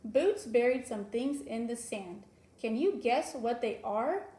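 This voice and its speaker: A woman reading aloud as a cheerful young girl from a picture book, with bright, excited storybook delivery. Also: a little high, takes it slowly. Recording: roomy echo.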